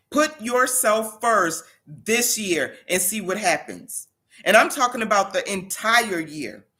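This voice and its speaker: A woman's voice: mid-range voice, sharp tone. A woman hosting a motivational livestream, speaking emphatically with preacher-like repetition and talking directly to her viewers. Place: home in South Carolina.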